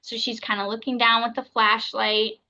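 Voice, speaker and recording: Chatty woman, bright voice. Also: on the high side, little pitch movement, moderate pace, lo-fi sound. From United States. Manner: chatty, filler-heavy, acts out others' words. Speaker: podcast guest. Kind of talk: casual storytelling.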